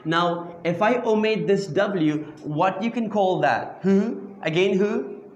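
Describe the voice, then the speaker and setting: A man's voice: high-pitched, slow, highs cut off, a little hiss or hum. A man teaching a grammar lesson to a class, often repeating himself and quizzing students. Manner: questioning, repeats phrases and asks the class to answer back. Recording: echoey room.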